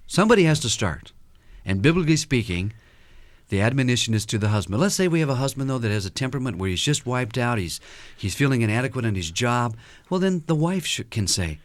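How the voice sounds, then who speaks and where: A man's voice: medium pitch, brisk, no room sound. A man appearing as a guest counselor on a radio talk show, telling stories with animation and acting out the quotes. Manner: animated storyteller who acts out quotes.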